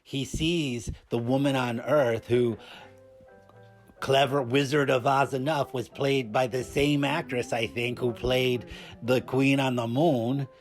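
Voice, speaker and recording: A man's voice: mid-range voice, fairly even intonation, slow, soft background music, natural voice. A man voicing a cheeky, randy male puppet who reviews movies, rambling and stammering through his comedic review with constant filler words. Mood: bemused.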